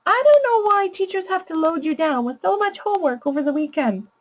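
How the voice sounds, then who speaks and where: A woman voicing an upset young child with a high-pitched voice, complaining and sulky as the child tells a parent its problems. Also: lively intonation, fairly quick.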